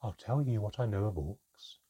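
A man voicing a calm, terse older female goblin who speaks slowly and quietly. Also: lowish voice, slightly rough, muffled recording. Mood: measured. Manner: slow, quiet and measured.

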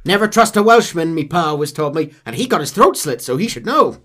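A man voicing a comical, fawning Irish male outlaw who talks high, loud and excitable. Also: brisk. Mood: chummy.

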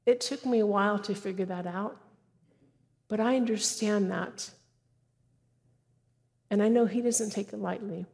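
A woman's voice: mid-range voice, a little slow, vocal fry, pauses often, a little mellow. A middle-aged woman giving an earnest, exhorting sermon to women, often repeating phrases for emphasis. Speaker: women's speaker. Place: church sanctuary. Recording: long hall reverb.

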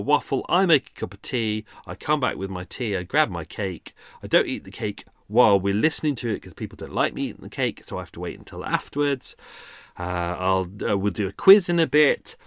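A podcast host at home delivers a rambling, self-mocking, unscripted monologue, walking off from the mic to make tea. His voice is on the low side with a fairly bright tone, and there's no echo.

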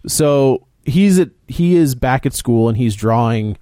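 A man co-hosts a relaxed film chat, walking through the plot and breaking into characters' lines as he goes. His voice sits in a middle range. The sound is dry and close. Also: medium pitch, measured pace, no room sound. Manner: retells scenes, acts out characters' lines. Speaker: podcast co-host. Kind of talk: casual movie discussion.

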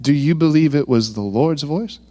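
High-voiced man preaching a sermon. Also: moderate pace. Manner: animated, asks the audience rhetorical questions. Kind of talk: sermon with scripture reading.

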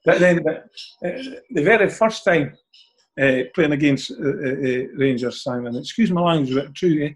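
A man's voice: a little high, moderate pace, slightly rough. An older man with a Scottish accent, an interview guest telling anecdotes in a chatty way and ending phrases with a questioning "eh?". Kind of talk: anecdotal storytelling.

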